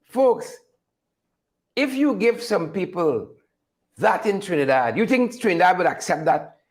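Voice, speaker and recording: A man's voice: high voice, animated, a little slow. A man with a Guyanese accent hosting a political commentary show, talking emphatically and asking rhetorical questions. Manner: reads out viewer names. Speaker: host.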